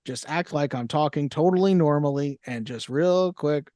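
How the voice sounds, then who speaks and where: Chatty young man, higher voice. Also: normal speed, dark tone, dry recording, clean studio sound. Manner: chatty, reads reviews and cast lists aloud. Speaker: podcast co-host. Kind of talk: casual chat.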